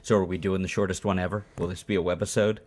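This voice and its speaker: Man, podcast co-host, casual chat, deadpan, halting, low voice. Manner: dry, deadpan, halting with fillers.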